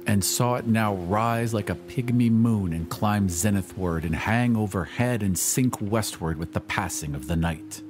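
A man with a low voice narrates a story in a measured, dramatic way. Faint music plays softly beneath his reading. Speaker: audiobook narrator. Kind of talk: scripted narration.

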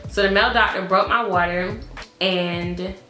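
A woman's voice: mid-range voice, fairly even intonation, normal speed, pushed and bright, roomy sound, soft background music. A woman, telling a casual storytime as a vlogger, chatty and laughing, full of "like" and "y'all". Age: early 20s.

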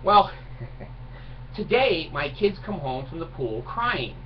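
A man's voice: fairly high pitch, sing-song, slow. A middle-aged man ranting indignantly to camera, mocking and chuckling at his own jokes. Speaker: video blogger. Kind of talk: ranting monologue. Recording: distant mic, dull lo-fi sound, faint noise.

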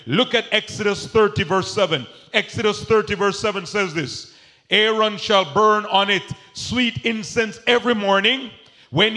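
A man preaching a sermon as pastor to his congregation. He calls out to them for responses, and his delivery swings between soft asides and shouted emphasis. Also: very high voice.

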